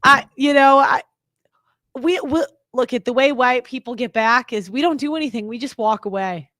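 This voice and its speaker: A woman hosting a commentary show, talking in an emphatic, exasperated way with halting restarts. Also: sits high, fairly bright tone, dry recording, clean studio sound. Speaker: commentary host reacting to clips. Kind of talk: casual reaction commentary.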